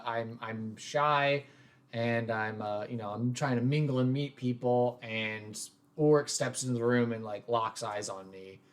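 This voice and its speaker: A man hosting a tabletop role-play podcast, talking casually with lots of fillers and restarts. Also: mid-range voice. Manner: rambling, filler-heavy. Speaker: podcast host and game master. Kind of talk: casual chat.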